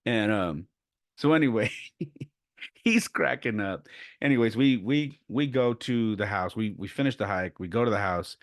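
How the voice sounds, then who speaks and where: A man in his forties, a podcast host, telling personal stories in a casual, animated way and going quiet and subdued in the heavier parts. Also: fairly low pitch, moderate pace, no room sound, studio quality. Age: 40s. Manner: animated storyteller who acts out quoted voices; turns quiet and subdued when speaking of loss.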